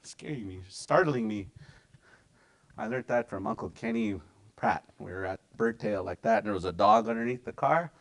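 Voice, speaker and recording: A middle-aged man teaching a language class in a relaxed, chatty way. He slowly repeats words for the learners to practice. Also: fairly low pitch, creaky. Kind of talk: casual language lesson.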